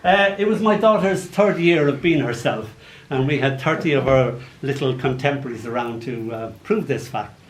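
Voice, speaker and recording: A man's voice: mid-range voice, moderate pace. A man in his sixties with an Irish accent, telling playful stories between poems at a live poetry reading. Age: 60s. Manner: playful storytelling, animated comic asides. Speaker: poet. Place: arts venue hall before a live audience. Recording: roomy hall, faint background noise.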